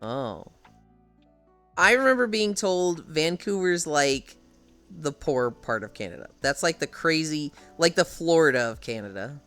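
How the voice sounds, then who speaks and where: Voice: medium pitch, expressive, a little slow, a bit bright, faint music behind. A young adult streamer from the United States, chatting casually at home with viewers, laughing often and swearing freely. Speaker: live streamer. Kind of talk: casual live-stream chat, answering chat.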